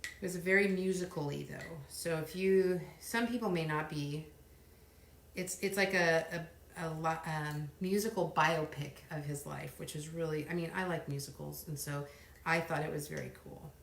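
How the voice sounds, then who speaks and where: Middle-aged woman, craft livestream host; gravelly edge, rambling chat, roomy sound. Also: deep voice, normal speed. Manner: chatty and rambling, counting softly under her breath. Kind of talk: casual live chat while crafting. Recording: roomy echo.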